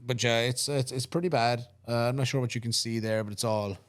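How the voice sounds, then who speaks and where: A young Irish man co-hosting a sports podcast, talking in a relaxed, rambling way and often restarting his sentences. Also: mid-range voice, brisk. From Ireland. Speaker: podcast co-host and strongman competitor. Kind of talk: casual chat.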